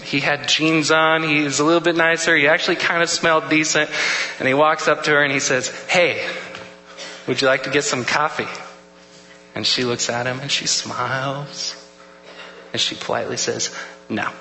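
A man's voice: on the high side, steady tone, brisk, sharp tone, faint music behind. A young man in his twenties giving a humorous sermon as a student speaker, telling stories with joking, casual asides. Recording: echoey hall with faint hum.

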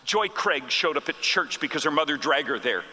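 A man delivers a sermon as a pastor, telling a story in a chatty, anecdotal way. His voice sits high and sounds very bright. It carries through an echoey hall. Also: lively intonation, normal speed. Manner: conversational, anecdotal, with self-corrections.

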